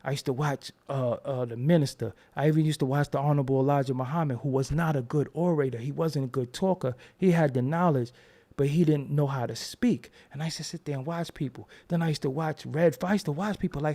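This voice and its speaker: His voice is fairly high with a darkish tone, and he talks briskly as host of his own channel. The monologue rambles casually and profanely, and he acts out the voices of people in his stories.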